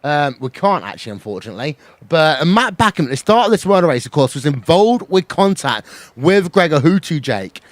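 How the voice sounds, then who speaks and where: A man giving fast, excitable play-by-play commentary on a sim race, building to shouts at the finish. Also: on the high side, no echo.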